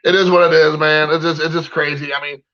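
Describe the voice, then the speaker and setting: A man's voice: fairly high pitch, little pitch movement, fast talker, sharp tone, dull audio. A man giving a heated, rambling opinion rant, repeating himself and leaning on fillers. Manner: heated, repetitive, many fillers. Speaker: card collector vlogger.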